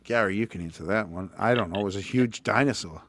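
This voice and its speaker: A middle-aged man hosting a casual chat, telling stories in an animated way and repeating words when he gets going. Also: lowish voice, quick pace. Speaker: host.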